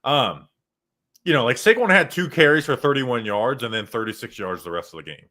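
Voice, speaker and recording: Excitable young man, bright voice. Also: medium pitch, fairly quick. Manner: excitable, rambling, lots of "like". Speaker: podcast host. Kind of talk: casual sports chat.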